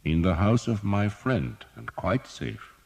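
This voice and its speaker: A man voicing a cheerful, sardonic old male doctor who teases slowly and deliberately. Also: on the low side, big pitch swings, a little mellow, pitched above the performer's own voice, heavily acted. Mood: wry. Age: older. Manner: wry, teasing, slow and deliberate.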